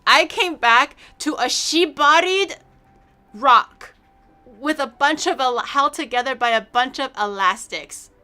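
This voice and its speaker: A woman streamer chatting casually on a livestream, rambling excitably and swearing freely. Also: sits high, slow.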